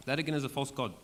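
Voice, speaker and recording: Hoarse man leading a church Bible study. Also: medium pitch, a bit bright. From Australia. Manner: conversational, keeps asking "right?". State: voice going hoarse, clearing throat. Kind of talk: Bible study teaching to a group. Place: church hall with a group. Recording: long hall reverb, faint background noise.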